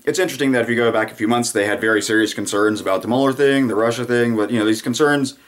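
A man's voice: mid-range voice, very fast. A man giving a casual, sarcastic political commentary monologue, rambling with frequent fillers.

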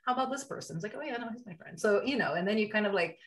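A woman's voice: mid-range voice, racing, rough recording. A woman, a guest mindset coach in a casual podcast chat who acts out bits of dialogue. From Brazil. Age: 40s. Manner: animated, acts out dialogue in quotes.

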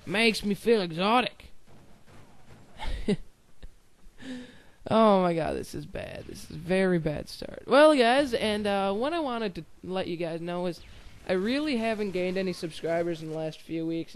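Young male game commentator, high clear voice, rambling and giggly. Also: animated, normal speed. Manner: rambling, giggly, self-deprecating. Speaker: gaming channel host. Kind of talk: casual gameplay commentary.

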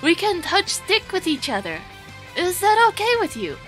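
A woman's voice: very high voice, wildly swooping pitch, moderate pace, fairly bright tone, faint music behind, pitched above the performer's own voice, exaggerated voice. A woman playing Genji, a flirty cyborg ninja. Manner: hammy, innuendo-laden. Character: flirty male cyborg ninja, awkward suitor.

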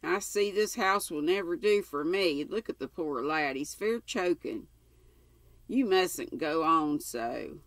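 A woman's voice: sits low, expressive, takes it slowly, dry recording, heavily acted. Fussing stout housekeeper, read by a woman. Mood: scolding. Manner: scolding, then soothing, rustic dialect.

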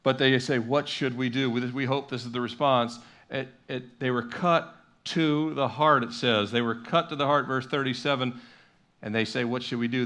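In a church sanctuary, a middle-aged male pastor preaches a sermon conversationally, using repetition and acting out quotes. His voice is medium-pitched and a bit bright.

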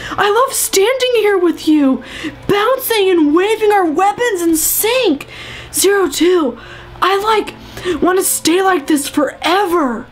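A woman's voice: very high-pitched, expressive, slow, voice pushed up, full character voice. A woman voicing a young, lovestruck male knight in armor, gushing with a voice that cracks near tears.

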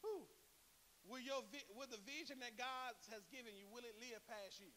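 A man with an American accent preaching a sermon as a pastor, with laughing asides, call-and-response, and a build to shouted praise. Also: extremely high pitch, normal speed, in a large hall, a little hiss or hum. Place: church sanctuary.

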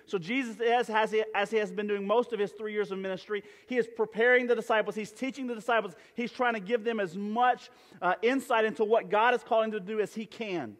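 A man with a high voice preaches a sermon as a church pastor, speaking fast and evenly with hardly any pauses. His delivery is conversational, full of fillers and restarts. The long reverb of a church hall surrounds him.

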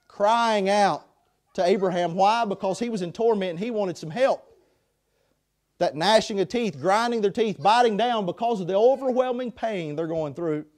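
High-voiced man preaching passionately. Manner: impassioned preaching with swings from loud to hushed. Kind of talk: sermon. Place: chapel.

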